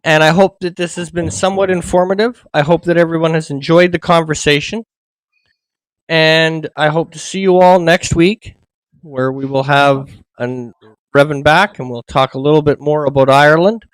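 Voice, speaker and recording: A man with a Canadian accent hosts a casual history show and explains points in an easygoing way. His voice is slightly high. The sound is dry and close, with no room echo. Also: moderate pace. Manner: explanatory, relaxed sign-off. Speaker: show host.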